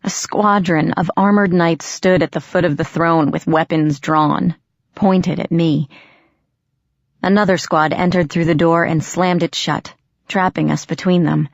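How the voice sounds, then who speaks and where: Slow, gravelly woman narrating a novel. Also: fairly low pitch, fairly even intonation, no echo, lo-fi sound. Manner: measured, unhurried storytelling. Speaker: audiobook narrator. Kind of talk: first-person novel narration.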